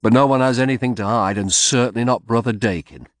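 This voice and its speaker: A man's voice: mid-range voice, quick pace, no room sound, clean studio sound, pitched above the performer's own voice, close to an everyday voice. A man reading the part of a tired, polite middle-aged barrister with a Northern English accent. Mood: concerned.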